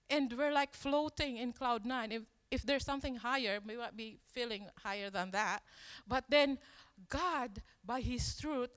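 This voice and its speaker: A woman's voice: on the high side, a bit bright, long reverb tail. A woman preaching a sermon in a conversational storytelling way, acting out the quoted lines as she tells the story.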